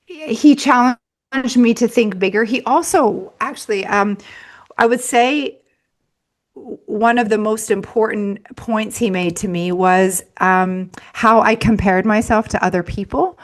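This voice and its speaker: A woman's voice: medium pitch, unhurried. A woman who works as a money mindset coach, a guest in an interview, telling a story in a chatty way with frequent laughs and fillers.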